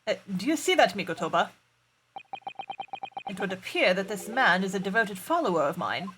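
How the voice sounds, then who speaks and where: A woman's voice: mid-range voice, big pitch swings, normal speed, background noise, close to an everyday voice. Woman doing a pompous Victorian detective man. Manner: grandiose, theatrical, formal diction. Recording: game music behind.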